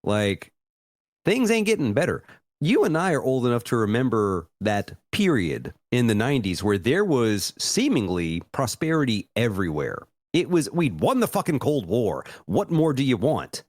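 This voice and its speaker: A man's voice: mid-range voice, sing-song, normal speed, darkish tone, no room sound. An American man in his thirties co-hosting a podcast, chatting casually with a profane, self-mocking, rambling manner. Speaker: podcast co-host.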